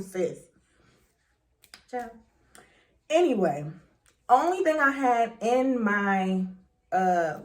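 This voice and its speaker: A young woman telling a dramatic story in a chatty storytime vlog, full of slang and quick swings between loud and hushed. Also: mid-range voice. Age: young adult. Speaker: vlogger.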